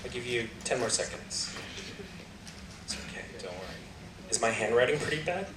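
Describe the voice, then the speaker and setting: A man's voice: mid-range voice, lively intonation, normal speed, echoey room, far from the mic, heavy background noise. A man giving a guest lecture, playfully coaching volunteers through a game and laughing often. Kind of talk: lively lecture-hall game with audience.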